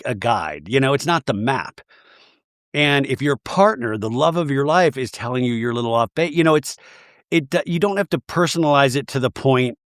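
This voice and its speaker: A man's voice: mid-range voice, dry recording, studio quality. A male podcast host giving a chatty, comedic recap of a TV episode, laughing often and acting out the quoted lines.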